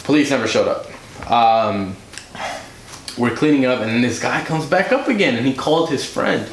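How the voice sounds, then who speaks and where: A man's voice: medium pitch, moderate pace. Man telling a story in a roomy room. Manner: animated, acts out quoted dialogue. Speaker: podcast guest, music director and producer. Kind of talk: casual storytelling. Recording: roomy room, faint noise.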